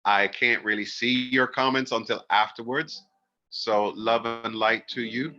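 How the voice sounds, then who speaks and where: A man giving a livestreamed oracle card reading, talking in a soft, earnest, emotional and spiritual way. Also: mid-range voice, fairly even intonation, measured pace. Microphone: phone. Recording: dull lo-fi phone livestream audio.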